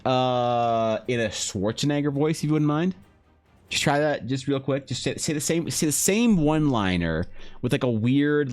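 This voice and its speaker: A man streaming live while drawing, chatting casually in a rambling, joking way with animated asides. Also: medium pitch. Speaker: streamer and game master. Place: home streaming setup.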